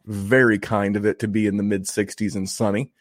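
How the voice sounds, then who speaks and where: A man's voice: fairly low pitch, little pitch movement, fairly quick, no echo. Chatty man hosting a podcast, dry sound. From Indiana, USA. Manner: chatty, joking, frequent restarts. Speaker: podcast host. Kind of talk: casual podcast intro.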